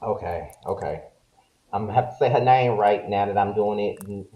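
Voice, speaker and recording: A male show host with a fairly low voice runs a casual interview show at normal speed, lively and joking around with plenty of slang. The recording sounds roomy and dull, with a noisy background.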